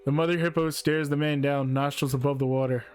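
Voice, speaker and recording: A man's voice: fairly high pitch, fairly even intonation, brisk, clear, resonant tone, faint music behind. A man playfully reading a text game aloud as a game streamer, laughing as he goes.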